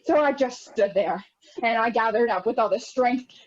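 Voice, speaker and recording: A young woman with a slightly high voice and moderate pace gives a lightly acted theatre monologue over a video call as part of a scene study. She plays a neurotic, self-pitying married woman who rambles anxiously and occasionally bursts into near-tearful shouts. The audio is dull and lo-fi.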